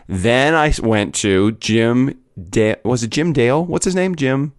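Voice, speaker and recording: Brief: male podcast co-host, rambling, mid-pitched, dry close sound. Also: expressive, unhurried, hardly any pauses, clean tone, no echo. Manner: rambling, self-interrupting, laughs easily. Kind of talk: casual chat.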